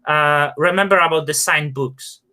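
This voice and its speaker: A man hosting a casual live-stream chat, talking in halting phrases with many restarts and fillers. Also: fairly high pitch, pushed and bright. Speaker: host.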